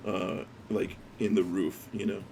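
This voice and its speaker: A man narrating a tabletop game as dungeon master. His voice is lowish and gravelly. He talks in loose, hesitant phrases with plenty of ums and uhs. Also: level tone, measured pace, darkish tone, a little hiss or hum. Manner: loose, filler-heavy narration.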